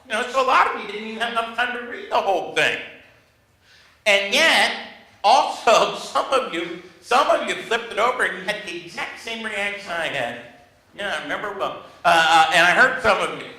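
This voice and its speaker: A man with a high, very bright, forceful voice runs a negotiation workshop for a live class, teaching through humorous, self-mocking stories. His voice echoes around the training room.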